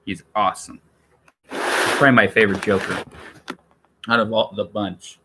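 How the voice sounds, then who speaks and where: A man's voice: fairly low pitch, steady tone, normal speed, noisy background. A man talking casually on a live stream, rambling with many fillers and restarts.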